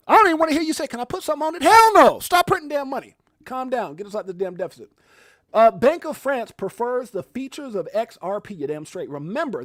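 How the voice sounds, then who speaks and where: Hyped-up guy on a crypto livestream, high voice, swings all over the place, dry close mic. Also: no room sound. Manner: excitable, loud outbursts and frequent laughs; jokey, talks to chat viewers by name. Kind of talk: casual live-stream chat.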